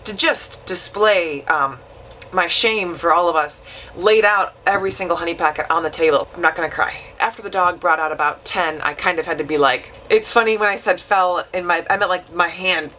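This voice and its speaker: Young woman vlogger, low-pitched and bright, self-mocking comic storyteller with quick asides. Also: slight background noise. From Wisconsin.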